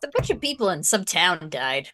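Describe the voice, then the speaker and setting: A woman's voice: fairly low pitch, big pitch swings, normal speed, sharp tone. A woman playing a tabletop role-playing game, talking in a boisterous, playful way and laughing often. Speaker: player. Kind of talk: in-character tabletop role-play.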